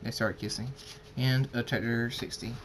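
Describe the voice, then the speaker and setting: Guy reading fan fiction out loud, plain mid voice, little slips, faint noise. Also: medium pitch, steady tone, moderate pace. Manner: plain with small slips and restarts. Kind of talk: amateur storybook reading.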